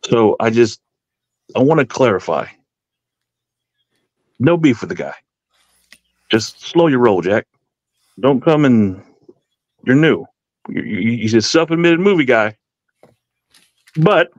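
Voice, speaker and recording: A man's voice: mid-range voice, animated, slow, long pauses, no echo, highs cut off. A man on a podcast panel talking casually, rambling and heartfelt, stammering and swearing as he goes. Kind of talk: casual chat.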